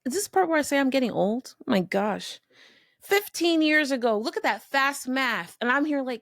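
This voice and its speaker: A middle-aged woman from Miami talks straight to the listener in a candid, animated motivational monologue, swearing now and then. Her voice carries a gravelly fry, and the recording is close and dry. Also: high voice, brisk, no room sound. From Miami, Florida. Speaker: podcast host.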